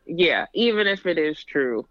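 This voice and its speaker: A woman's voice: sits low, measured pace, no room sound. A woman talking bluntly and with energy in a casual podcast chat, laughing now and then as she tells stories. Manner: blunt, animated, laughs while telling stories. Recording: dry, dull lo-fi sound.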